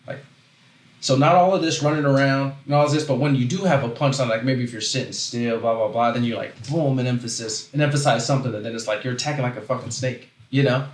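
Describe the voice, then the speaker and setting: A man hosting a casual livestream, talking in loose rambling runs that keep breaking off and restarting, then stopping to read chat out loud. His voice sits at an ordinary middle pitch. The sound has a roomy echo around it. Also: quick pace. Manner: rambling, self-interrupting, animated, reads chat aloud. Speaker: host.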